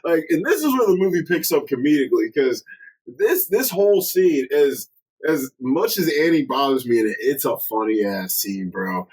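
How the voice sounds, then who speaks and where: A man's voice: a little high, lively intonation, normal speed, a little mellow, breathy edge, poor audio. A young man co-hosting a film review podcast in loose, slangy, profane casual chat, laughing often.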